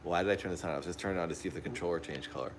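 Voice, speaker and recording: A man livestreaming a horror game from a dark room at home, jumpy and easily frightened, repeating his exclamations over and over while recording on a phone. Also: deep voice, racing, noisy background. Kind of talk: live gameplay commentary. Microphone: phone pointed at the TV.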